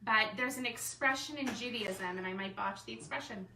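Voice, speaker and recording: A woman who is an artist and designer, telling a personal story to a group in a chatty, animated way with lots of "like". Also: fairly high pitch, brisk, vocal fry. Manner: chatty, animated storytelling full of "like" and self-quotes. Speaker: artist and designer speaking at a gathering. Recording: echoey room, mic far off, faint room noise.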